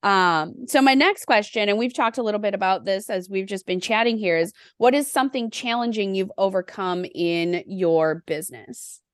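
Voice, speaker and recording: A woman's voice: mid-range voice, normal speed, few pauses, clean tone, dry recording, studio quality. A woman hosting a podcast, telling her own story in a casual chat and acting out the voices she quotes. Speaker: podcast host.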